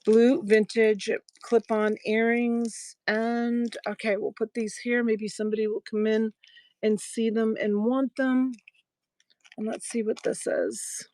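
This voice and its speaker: A woman's voice: on the high side, level tone, takes it slowly, a little mellow, dry recording. A woman selling jewelry on a live stream in a chatty, affectionate way, thanking viewers by name. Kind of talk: casual live-selling chat.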